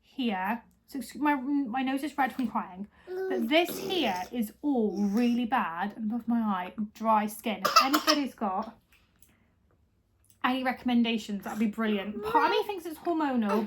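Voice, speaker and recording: A woman's voice: on the high side, big pitch swings, normal speed, noisy background. A young woman talking casually to camera at home, chatty and openly emotional as she answers viewer questions. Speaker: lifestyle vlogger.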